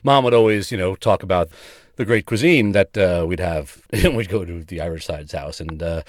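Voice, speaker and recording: A man co-hosting a podcast, jokey and quick to laugh in casual chat. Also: low-pitched, dry recording, studio quality. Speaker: podcast co-host.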